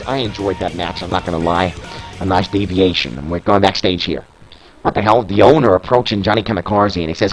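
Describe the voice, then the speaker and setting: Excitable young male wrestling commentator. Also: low voice, a little fast, music in the background, rough recording. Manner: excitable play-by-play, reads promos aloud. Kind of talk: play-by-play commentary on a video game wrestling show.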